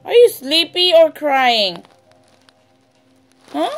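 Young woman, high voice, mock-stern scolding of a pet, faint music under it. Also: very animated, extremely slow. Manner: mixes in Korean words. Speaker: dog owner scolding her pet. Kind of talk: scolding a pet, half-playful.

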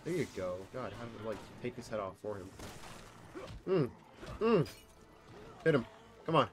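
A young man streaming a co-op game live, reacting in exasperation to his partner and reading his chat. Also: mid-range voice. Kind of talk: live gameplay commentary.

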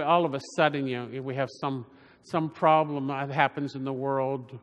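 A man preaching a homily in a high voice that rings with long church reverb. He talks in a rambling way, restarting phrases and slipping in asides.

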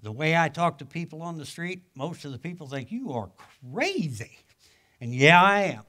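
An older man, a guest pastor, preaching a sermon in a folksy storytelling way, with casual grammar, swinging from loud exclamations to hushed asides. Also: on the high side, fairly quick. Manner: colloquial grammar.

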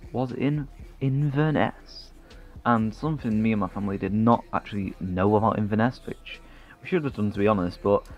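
A man, telling a rambling comic story full of swearing and self-mockery. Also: on the low side.

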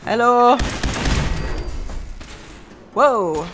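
A woman commentating a video game stream in a slow, unhurried drawl. She is sarcastic and swears freely, and she breaks into loud laughter. Faint music plays behind her. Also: a little high, lively intonation. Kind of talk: casual let's-play commentary.

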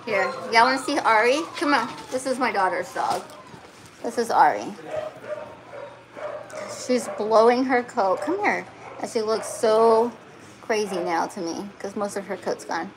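A woman's voice: mid-range voice, lively intonation, a little slow, long pauses, noisy background. A giggly woman cooing over a puppy. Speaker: husky breeder. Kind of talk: casual vlog chat while handling puppies. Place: home, indoors by a couch.

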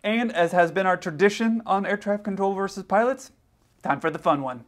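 A man's voice: sits high, brisk, heavy background noise. A man hosting an aviation video, giving casual, plain-spoken advice and commentary. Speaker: pilot and aviation YouTuber. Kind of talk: commentary on radio clips.

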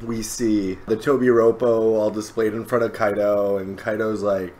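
A man co-hosting a podcast, recapping a comic chapter in a casual, animated way. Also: on the low side, normal speed, few pauses. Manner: animated, acts out quotes. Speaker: podcast co-host.

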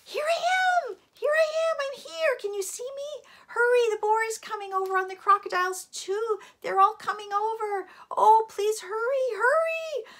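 A woman voicing a frantic young dragon who begs to be rescued in high, shrill cries. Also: moderate pace, few pauses, fairly bright tone.

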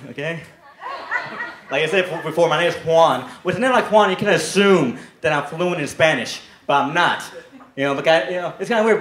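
A young man doing a stand-up comedy set, telling deadpan stories and breaking into brief put-on voices. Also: high-pitched. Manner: deadpan storytelling with brief shouted character bits. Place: comedy club stage. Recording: echoey club with loud crowd.

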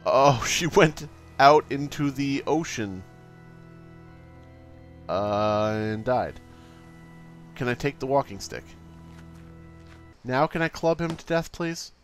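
A man doing let's play commentary, exasperated, swearing a lot and reading the game's options out loud. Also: mid-range voice, animated, slow pace, long pauses, soft background music. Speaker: gaming YouTuber.

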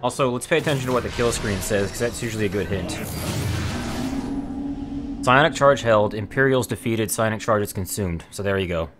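A man with a fairly low voice talks with his raid team over a headset. He is relaxed and thinks aloud, reading game messages to his friends. Soft game music hums behind him. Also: fairly quick. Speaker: gamer streaming a raid. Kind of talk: casual team voice chat.

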